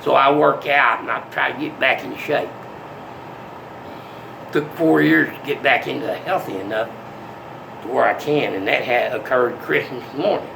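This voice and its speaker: An older man in a rambling monologue that swings from soft to menacing. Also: on the high side, animated, normal speed, gravelly, slight background noise, poor audio.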